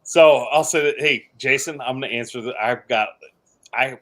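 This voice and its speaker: A man's voice: medium pitch, moderate pace, a bit bright. A man co-hosting a live shop-talk stream, boisterous and laughing, swearing freely. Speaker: podcast co-host. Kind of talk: casual shop talk livestream.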